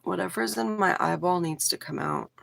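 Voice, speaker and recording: A woman's voice: lowish voice, moderate pace, vocal fry, rough recording. A woman in her forties from Texas, chatting casually with viewers on her livestream. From Houston, Texas. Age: 40s. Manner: relaxed, chatty, talks straight to chat. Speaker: livestream host.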